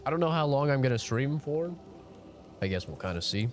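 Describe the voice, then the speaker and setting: A man's voice: mid-range voice, big pitch swings, fairly quick. A sick young man with a nasal voice, chatting casually with his live-stream audience in a rambling, laid-back way.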